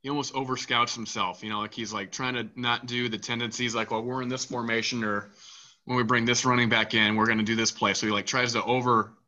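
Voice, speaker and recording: Male sports podcast host, bright and pushy tone, chatty and rambling, dull lo-fi recording. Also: mid-range voice, fairly quick. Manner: rambling, filler-heavy, animated. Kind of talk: casual sports talk.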